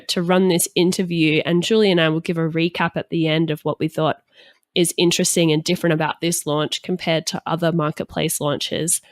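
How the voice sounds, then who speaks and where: Low-voiced woman podcast host. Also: no room sound. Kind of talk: casual podcast chat.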